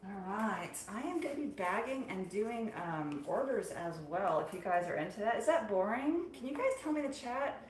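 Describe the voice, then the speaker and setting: A woman's voice: medium pitch, sing-song, normal speed, hardly any pauses, a little hiss or hum. A woman hosts a casual live stream from a small studio kitchen, talking straight to her viewers. Her manner is chatty and playful, and she laughs easily. The room has a noticeable echo. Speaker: marshmallow maker hosting a live stream. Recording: echoey room.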